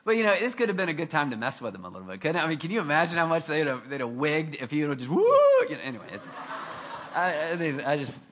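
A male pastor preaching a conversational, animated sermon with self-deprecating asides. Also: a little high, racing.

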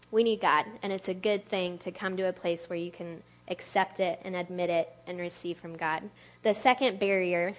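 A woman giving a casual, conversational sermon to a youth group, chatty and quick to laugh, with lots of "like" in her speech. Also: mid-range voice, lo-fi sound. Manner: chatty, laughs often, uses "like" a lot. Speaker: speaker at a church youth talk.

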